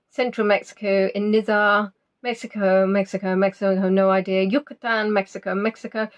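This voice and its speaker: A woman's voice: fairly even intonation, normal speed, muffled recording. A woman hosting a live online quiz, chatting with players and teasing them as she reads out their answers. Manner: teasing, chatty, reads out names and answers with big pitch swings.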